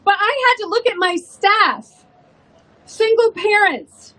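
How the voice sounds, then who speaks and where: A woman's voice: extremely high pitch, expressive, takes it slowly, sharp tone, slight background noise, low-quality recording. A woman, a restaurant owner, telling an emotional story in an earnest rally speech.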